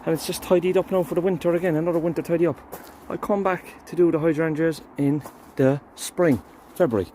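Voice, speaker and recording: A man's voice: on the high side, brisk, hardly any pauses, dark tone, a little hiss or hum. A man, a gardener hosting his own channel, talking casually and sincerely to viewers outdoors in a garden, addressing them as guys. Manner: sincere and reflective, then upbeat. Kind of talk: casual vlog talk to viewers.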